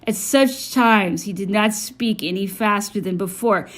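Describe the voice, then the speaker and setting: A woman reading a historical memoir aloud in a measured way, with small slips and restarts. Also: medium pitch. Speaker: audiobook reader.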